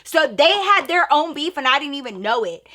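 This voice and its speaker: Young woman vlogger, high bright voice, animated storytime delivery, swears freely. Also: normal speed. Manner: animated, profane, acts out quoted dialogue. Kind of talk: storytime while getting ready.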